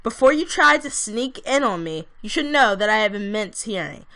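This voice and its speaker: A woman's voice: medium pitch, expressive, moderate pace, fairly bright tone. Give me a woman playing a tough country girl with a twangy accent, threatening and sarcastic. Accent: Southern US, put on.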